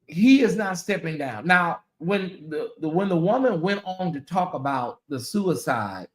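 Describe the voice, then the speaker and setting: A woman's voice: lowish voice, measured pace. Woman hosting a commentary show, chatty and worked up, echoey room. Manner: animated, exclaiming and repeating herself. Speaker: commentary channel host. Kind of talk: casual commentary to viewers.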